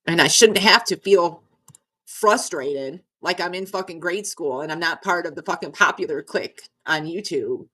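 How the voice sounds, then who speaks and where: Middle-aged woman, low voice, exasperated vlog rant, curses and repeats, a bit choked up. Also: a bit bright. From Nevada. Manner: exasperated, swearing, repeating herself. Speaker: vlogger. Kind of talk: frustrated rant to camera.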